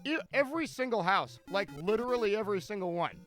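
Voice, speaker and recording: A man's voice: high voice, animated, quick pace, fairly bright tone, faint music behind. A man commentating his own game run live, rambling and joking with frequent stammered restarts.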